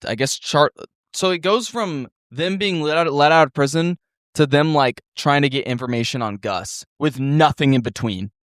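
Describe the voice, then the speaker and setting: A man's voice: a little high, normal speed, no echo, studio quality. A man from the Midwest co-hosting a casual podcast, laid-back, laughing often and swearing freely. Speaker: podcast co-host. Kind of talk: casual chat.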